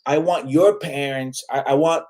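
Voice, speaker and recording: A man's voice: mid-range voice, fairly even intonation, normal speed, darkish tone. A man in his forties with a Puerto Rican accent, a comedian chatting casually as a guest and switching between two languages. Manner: switches freely between English and Spanish, many fillers. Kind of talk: casual interview chat.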